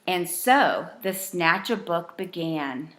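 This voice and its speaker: A woman reading a rhyming bedtime storybook aloud with a gentle, rhythmic delivery. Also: on the low side, lively intonation, slow pace.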